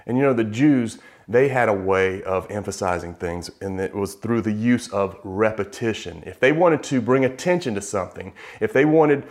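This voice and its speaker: A man's voice: fairly low pitch, a little mellow. Emphatic male preacher giving a sermon. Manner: emphatic, slows down to stress repeated words.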